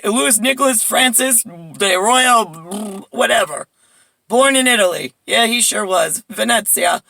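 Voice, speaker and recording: Rambling New woman, bright dry voice. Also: medium pitch, vocal fry, dry recording, poor audio. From Bayside, New York. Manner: rambling, jumps between tangents, muses aloud. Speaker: vlogger. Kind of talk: casual monologue to camera. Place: at home indoors.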